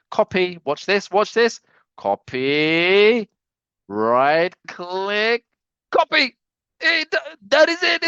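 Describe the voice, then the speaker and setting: A man walks attendees through a software setup on a live video call, reading the chat aloud with easy teasing asides. His voice sits in a middle register and comes through a dry, close, slightly dull computer mic. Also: mid-range voice, dry recording. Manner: chatty, reads chat comments aloud, teasing. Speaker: software trainer hosting a live webinar. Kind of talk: casual live screen-share tutorial.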